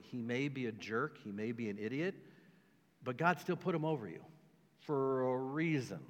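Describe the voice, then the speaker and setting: This pastor's voice is mid-range and fairly bright as he delivers a sermon, hammering points home through repetition and tossing jokes to the congregation. A long hall reverb fills the church sanctuary around him.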